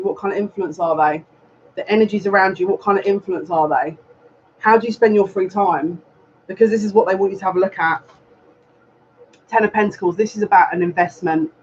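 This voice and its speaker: A man giving a live tarot reading, earnest and repetitive, speaking straight to the viewer. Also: high voice. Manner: earnest, repetitive, advising directly. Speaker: psychic reader. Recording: dull lo-fi sound with faint noise.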